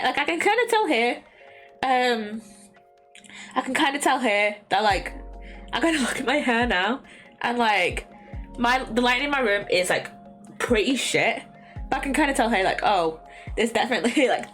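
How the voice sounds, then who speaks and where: Faint lo-fi music drifts under this casual bedroom stream, where a young woman with a slightly high, fairly bright voice rambles along. Her talk is full of fillers, false starts and little laughs.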